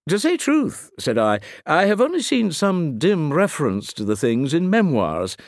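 A man voicing a curious, bookish male editor who grows excited and exclaims as he recalls old tales. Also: mid-range voice, no echo, clean studio sound.

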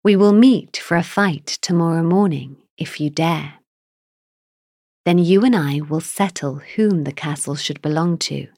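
A woman's voice: sits low, a little slow, warm tone, no room sound, studio quality. A woman voicing a brave young male elf knight, speaking defiantly.

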